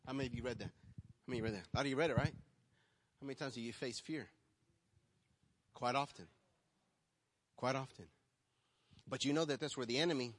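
A male pastor preaching a sermon, telling personal stories and swinging between soft asides and loud, emphatic calls to the congregation. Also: medium pitch. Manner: storytelling, swings from quiet to loud. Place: church hall. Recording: long hall reverb.

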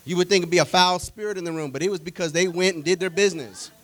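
A male preacher delivering a sermon in a folksy, conversational way, animated and full of repetition and rhetorical questions to the congregation. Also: sits high, quick pace, rough recording.

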